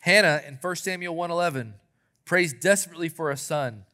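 A man delivers a sermon, his voice sitting noticeably high for a male speaker. He retells scripture stories with earnest, deliberate emphasis. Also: sharp tone. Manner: earnest preaching, quotes scripture, dramatic pauses. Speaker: pastor.

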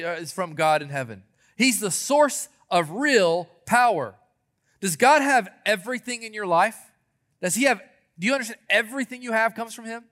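A man delivers a sermon, his voice sitting noticeably high for a male speaker. He retells scripture stories with earnest, deliberate emphasis. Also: fairly bright tone. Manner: earnest preaching, quotes scripture, dramatic pauses. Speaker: pastor.

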